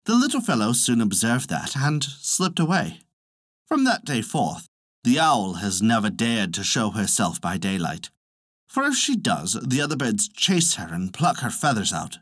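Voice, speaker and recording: Man, storyteller, folk tale narration, expressive, very wide pitch swings, dry close sound. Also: a little slow, no echo. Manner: expressive, animated voices.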